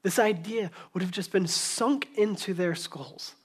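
A man pastor preaching a sermon in a church, telling the story conversationally, acting out voices and dropping to a hushed tone. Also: high-pitched, unhurried, slightly rough.

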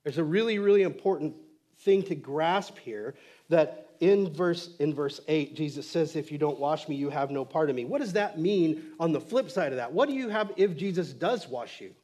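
A man's voice: a little high, animated, normal speed, darkish tone. A male pastor preaching a sermon in a casual, conversational way, acting out quotes from the text with lots of fillers.

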